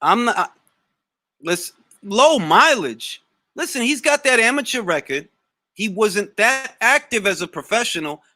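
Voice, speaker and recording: Man, high lively voice, bright and forceful, blunt slangy host, dry close sound. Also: unhurried, dry recording. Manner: animated, blunt, slangy, swears. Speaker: boxing talk show host. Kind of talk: live Q&A reading chat comments.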